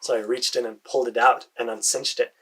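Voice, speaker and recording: An American male storyteller narrates his own fantasy adventure in the first person, in a husky, breathy, medium-pitched voice with a level tone and brisk pace. He's hesitant, with fillers and soft muttered asides, and the recording is rough.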